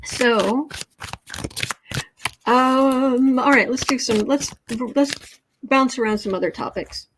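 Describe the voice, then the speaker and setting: A woman's voice: high-pitched, slow pace, pauses often, a bit bright, a little hiss or hum. Chatty woman hosting a tarot livestream. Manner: chatty, sarcastic, reads viewer comments aloud. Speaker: tarot reader host. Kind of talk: livestream chat reading comments and tarot cards.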